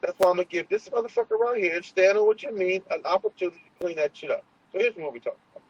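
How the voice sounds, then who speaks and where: A man vents on a livestream, profane and confrontational, full of fillers and restarts. His voice sits a little high and sounds husky. The stream audio is muffled and lo-fi. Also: big pitch swings, very fast. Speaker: livestream host. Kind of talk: heated livestream monologue.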